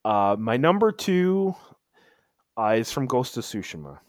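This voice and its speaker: A man's voice: mid-range voice, big pitch swings, a little slow, dry recording, clean studio sound. A man chatting casually as a podcast co-host, telling a story with lots of restarts and emphatic bursts. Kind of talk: casual chat.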